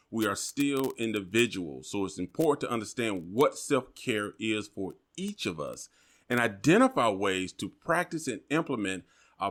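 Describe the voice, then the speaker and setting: A man hosting a podcast, opening the episode in a measured, earnest way. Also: mid-range voice, a bit bright. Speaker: podcast host.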